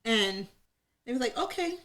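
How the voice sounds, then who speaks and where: A mid-range, slightly bright voice at a moderate pace belongs to a woman co-hosting a candid live talk before an audience. She's open and talkative, laughs a lot, and describes herself as an oversharer.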